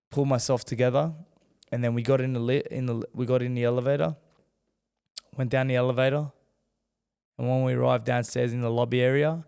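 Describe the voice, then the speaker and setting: Gravelly aussie guy, ex-boxer on a podcast, telling a story and doing the voices. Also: mid-range voice, big-room sound. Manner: animated, acts out quoted voices. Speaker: guest, former world champion boxer. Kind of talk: candid storytelling in a podcast interview.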